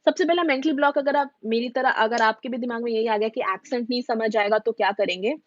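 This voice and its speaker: A woman's voice: a little high, racing, no echo. A woman, answering questions on a live stream in a chatty, reassuring way. She drops easily into Hindi mid-sentence. The sound is dry and a little dull, as from a home streaming setup. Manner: chatty, reassuring, switches between English and Hindi. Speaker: recruiter and immigration vlogger.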